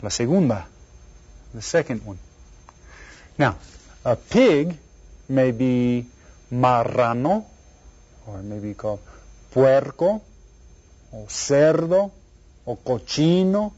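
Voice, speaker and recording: Male elementary Spanish teacher, unhurried, drills words back, dull lo-fi recording. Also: mid-range voice, animated, dark tone. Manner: repeats words slowly and quizzes the listener. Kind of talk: elementary Spanish lesson for children.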